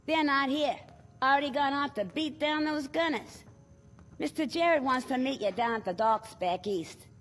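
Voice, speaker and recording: A woman's voice: high-pitched, moderate pace, fairly bright tone. A woman voicing a cheeky young girl who plays at being a cop, with a Boston accent.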